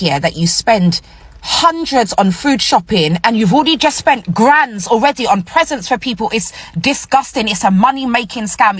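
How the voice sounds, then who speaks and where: A woman's voice: lowish voice, a bit bright, husky. A stressed woman, ranting bluntly to her followers, swearing and repeating herself. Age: 40s. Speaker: vlogger.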